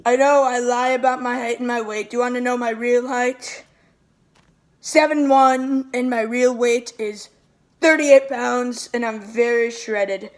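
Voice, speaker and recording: A woman's voice: a little high, fairly even intonation, a little slow, lightly acted. A woman playing a petty, self-pitying male president who rambles and repeats nicknames in a comic impression. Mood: boastful. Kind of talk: comedic impression monologue.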